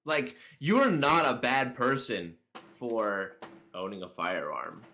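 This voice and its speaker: A man co-hosting a casual political commentary chat, often pausing with fillers as he reads through numbers. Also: mid-range voice, expressive, bright, forceful tone, a little hiss or hum. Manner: reads out statistics haltingly, many fillers. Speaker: co-host.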